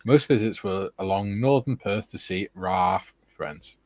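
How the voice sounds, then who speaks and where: Low-voiced man hosting a stream. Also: measured pace, no room sound. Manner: relaxed, laughing, swears casually. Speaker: stream host reading chat. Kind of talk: casual live-stream chat.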